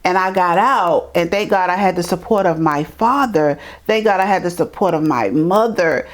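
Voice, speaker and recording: A middle-aged woman from New York telling her life story in an interview, animated and acting out the people she quotes. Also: lowish voice, moderate pace, hardly any pauses. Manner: animated, acts out quoted voices, repeats words. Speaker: interview guest. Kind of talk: storytelling in conversation.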